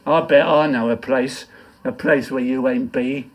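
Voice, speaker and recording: A man voicing a dying bloke in a comic poem performed live, in a high, breathy, quavering voice. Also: steady tone, measured pace, lightly acted. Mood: taunting.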